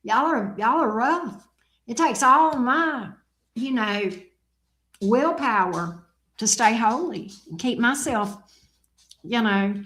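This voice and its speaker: A teasing, joking woman chatting casually with her viewers and her dog. Her voice sits fairly high, and she takes her time over every phrase. The sound bounces around an echoey room. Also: expressive, slow pace, long pauses, a bit bright. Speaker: tarot reader, channel host.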